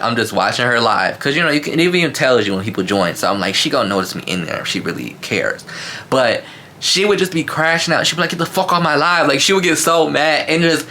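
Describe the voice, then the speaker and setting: A man telling a casual storytime vlog, animated and slangy, with lots of fillers and asides to his viewers. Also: mid-range voice.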